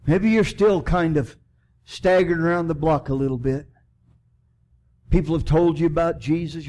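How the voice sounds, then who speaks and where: A man preaching a sermon in church as pastor, swinging from loud emphatic preaching to soft, prayerful appeals. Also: a little high, slight background noise.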